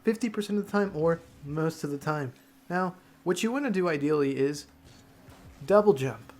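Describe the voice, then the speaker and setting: A man's voice: fairly high pitch, lively intonation, moderate pace, darkish tone. Male tutorial narrator, mock-stern classroom-teacher delivery, crude jokes. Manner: mock-serious teacher bit, swears often. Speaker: gaming tutorial creator. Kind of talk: jokey gameplay tutorial voice-over.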